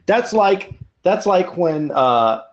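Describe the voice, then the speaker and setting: Lively male co-host, high voice, joking and rambling, lo-fi recording. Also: slow pace. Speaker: podcast co-host. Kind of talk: casual chat.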